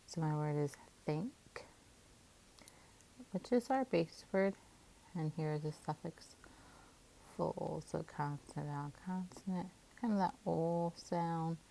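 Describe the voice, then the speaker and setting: A woman teacher calmly walking through syllable division, sounding out each part of a word. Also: low voice, vocal fry, slight background noise, low-quality recording. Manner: calm, methodical, sounds out syllables. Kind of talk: phonics lesson, syllable division.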